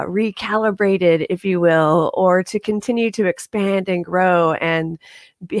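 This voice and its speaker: A chatty woman minister welcomes listeners to a live-streamed service, laughing often and restarting her sentences. Her voice sits at a middle pitch, recorded dry and close. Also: no echo. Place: home condo.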